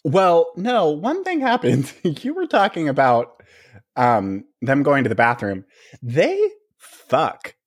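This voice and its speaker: A man's voice: on the high side, big pitch swings, slow. A man co-hosting a podcast, chatting casually about a film, laughing easily and often trailing off mid-thought. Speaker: podcast co-host. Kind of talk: casual chat recapping a film.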